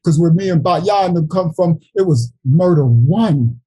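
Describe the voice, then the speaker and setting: A middle-aged man from New York City tells his life story at a Bible study, earnest and halting, near tears. His voice sits a little high, husky and mellow. The sound is dry and close, with no room echo. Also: lively intonation. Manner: earnest, halting, with frequent restarts. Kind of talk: emotional personal testimony in a Bible study.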